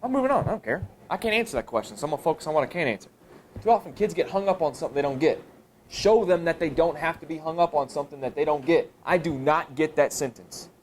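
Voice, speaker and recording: A man leads a live training session for teachers, posing questions and answering them himself. His voice sits a little high and swings up and down with lively emphasis. Faint room noise hangs behind him. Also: fast. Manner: animated, jumps high in pitch for emphasis; thinks aloud, asks and answers his own questions. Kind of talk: professional development workshop talk. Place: high school room with an audience. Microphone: camera recording a live session.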